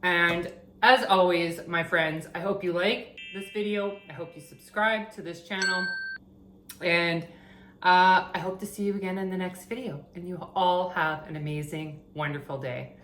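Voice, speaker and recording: A woman chatting casually while cooking in her home kitchen, thinking out loud and poking fun at herself, with a pan sizzling behind her. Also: lowish voice, steady tone, normal speed, roomy sound, heavy background noise. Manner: chatty, self-deprecating, thinks aloud. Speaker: vegan cooking vlogger. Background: frying and sizzling from the pan.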